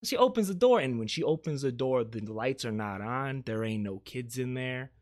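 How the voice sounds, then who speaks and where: A man from South Carolina hosting a podcast and telling a spooky story in casual chat, animated, swinging between loud and hushed. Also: mid-range voice, normal speed. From Beaufort, South Carolina. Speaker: podcast host.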